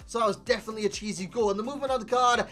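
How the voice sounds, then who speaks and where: A man giving a chatty, animated video game player review, talking to viewers as lads, recorded as a desk mic voice-over. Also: sits high, racing, faint music behind. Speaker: gaming YouTuber.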